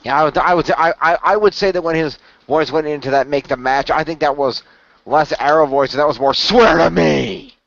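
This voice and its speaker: A man's voice: on the high side, steady tone, a bit bright, no room sound. A man guest on a casual podcast chat, often restarting his sentences as he talks. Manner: stammering restarts, quick talker. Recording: dull, dry lo-fi podcast audio.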